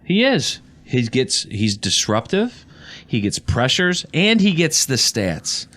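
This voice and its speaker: A man in a casual sports chat gives blunt, opinionated takes and tells stories. His voice sits at an ordinary middle pitch for a man. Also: sing-song, slow pace, a bit bright. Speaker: guest co-host.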